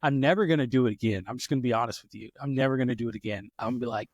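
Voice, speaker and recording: A man's voice: mid-range voice, rapid-fire, dry recording, studio quality. A man hosting a casual podcast, rambling and self-deprecating with lots of restarts and fillers. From United States. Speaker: podcast host.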